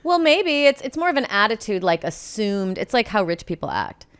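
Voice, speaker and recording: A woman's voice: mid-range voice, big pitch swings, fairly bright tone, clear, resonant tone. A woman co-hosting a comedy podcast, rambling through anecdotes in casual chat and laughing often. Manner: rambling storyteller, drawn-out phrases, laughs a lot. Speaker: podcast co-host.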